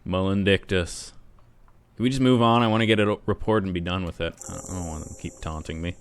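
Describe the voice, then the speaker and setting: A man's voice: low voice, fairly even intonation, quick pace, clean tone, dry recording. A man playing a video game, reading the game's text aloud and adding wry asides. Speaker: game streamer. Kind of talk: let's play narration and commentary.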